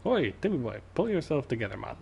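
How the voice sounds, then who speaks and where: A man's voice: medium pitch, sing-song, quick pace, gravelly, background noise. A man voicing a cheeky, bossy little male fairy with a blunt, slangy way of barking.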